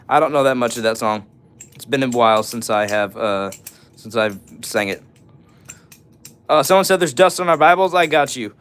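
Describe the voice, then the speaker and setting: A man's voice: mid-range voice, moderate pace, long pauses, fairly bright tone, smooth, faint music behind. A young man hosting a casual livestream, reading chat comments aloud and breaking into short bits of songs. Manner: laid-back, answers chat and breaks into short song bits. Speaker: livestream host.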